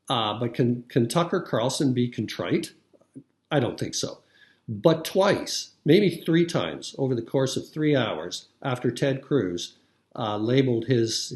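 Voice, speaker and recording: A middle-aged man giving casual political commentary, rambling with frequent fillers and restarts. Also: medium pitch.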